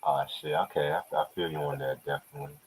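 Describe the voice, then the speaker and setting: A man's voice: very deep voice, fairly even intonation, fast, slightly rough, poor audio. A man hosting a casual hip hop album review, profane, slangy and enthusiastic. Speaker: podcast host.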